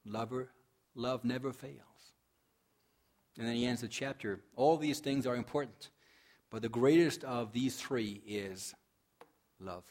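Man, pastor, sermon, mid-pitched voice, conversational, rhetorical questions, dramatic scripture reading. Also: a little slow. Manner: dramatic scripture reading that swells loud and drops soft.

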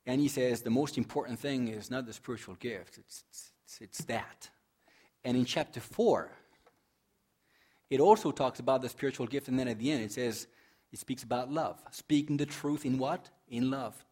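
A male pastor giving a sermon in a conversational way, asking the congregation questions, joking, and reading scripture dramatically, swelling loud and dropping soft. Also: mid-range voice, normal speed, breathy edge. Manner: conversational preaching with rhetorical questions and humor.

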